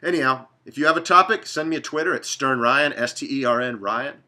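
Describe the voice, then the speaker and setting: A man's voice: medium pitch, brisk, bright, forceful tone. A man from Dallas hosting a casual sports betting talk, blunt and profane, rambling from one game to the next. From Dallas, Texas.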